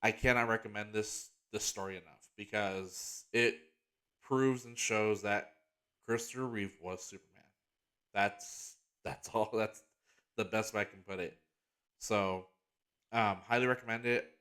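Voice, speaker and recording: A podcast host chats solo and casually in a smooth, sharp-toned voice that's fairly low, fairly even in intonation, and a little slow. He rambles enthusiastically, packing in "like" fillers and restarts, and grows emotional and earnest over a heartfelt topic.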